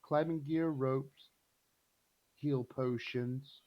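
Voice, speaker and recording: Very slow-speaking man, dull mic. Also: medium pitch, fairly even intonation. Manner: slow, deliberate, pausing with ums. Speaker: player. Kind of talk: casual tabletop chat.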